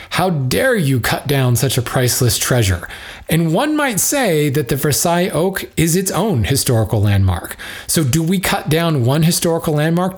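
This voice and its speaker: A man's voice: fairly high pitch, darkish tone. Musing man thinking aloud. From United States. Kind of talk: casual spoken commentary.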